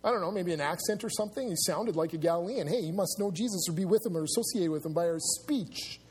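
A man's voice: sits high, fast talker, darkish tone, husky, long reverb tail. A man preaching a sermon as pastor, in a conversational way with asides to the congregation. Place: church sanctuary.

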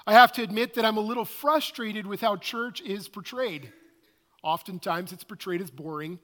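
Pastor, male, high-pitched, conversational sermon style, hall reverb. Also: normal speed, sharp tone. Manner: conversational, self-questioning preaching with quoted asides. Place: church sanctuary.

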